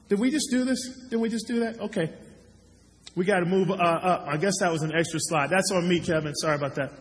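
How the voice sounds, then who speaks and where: A man preaching a sermon, reading scripture aloud and asking the congregation questions as he works through slides. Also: high-pitched. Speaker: pastor. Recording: long hall reverb.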